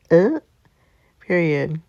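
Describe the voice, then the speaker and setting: A woman's voice: lowish voice, very animated, drawn-out words, a little mellow, muffled recording. A woman hosting a gaming channel, giving sassy, slangy reactions as she plays a story game. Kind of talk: casual reactions while playing.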